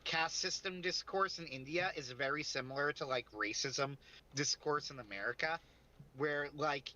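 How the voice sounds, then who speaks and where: A man's voice: fairly high pitch, normal speed, pushed and bright, low-quality recording. A man co-hosting a casual livestream chat, rambling and interrupting himself, often breaking into laughs. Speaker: podcast co-host.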